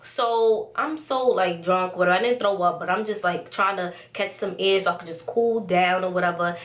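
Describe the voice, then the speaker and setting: A young adult woman vlogger telling a casual story-time tale, chatty and animated, with lots of "like" and "so". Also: fairly low pitch, normal speed. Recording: roomy echo.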